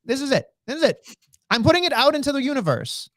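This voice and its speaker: A podcast co-host in a casual wrestling chat, talking in an animated, excitable way with lots of fillers. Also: high voice, quick pace, no room sound, clean studio sound.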